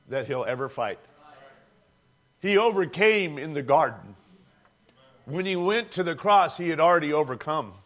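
High voiced guy preaching, storytelling sermon, keeps saying friends. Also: fairly bright tone. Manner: dramatic storytelling, addresses listeners as friends.

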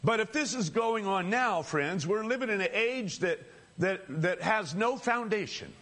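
High-voiced man preaching a sermon. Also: expressive, measured pace, a bit bright. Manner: addresses listeners as friends, repeats phrases for emphasis, chuckles between points.

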